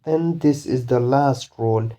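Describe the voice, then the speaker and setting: A man teaching a pronunciation lesson, repeating example words slowly for students to follow. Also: mid-range voice, mellow. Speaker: English teacher.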